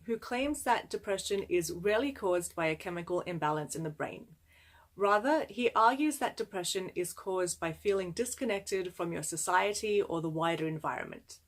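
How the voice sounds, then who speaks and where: A young adult woman presenting a book summary in a casual explanatory way, talking conversationally with frequent fillers. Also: mid-range voice.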